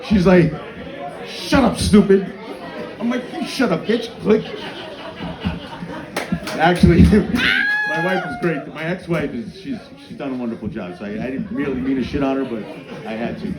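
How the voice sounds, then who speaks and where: Performing crude stand-up for a live crowd in a small bar's open mic, this man acts out conversations within his profane stories. He speaks at a moderate pace with a medium pitch, huge pitch swings and frequent pauses. Echo and audience noise fill the recording as the crowd reacts.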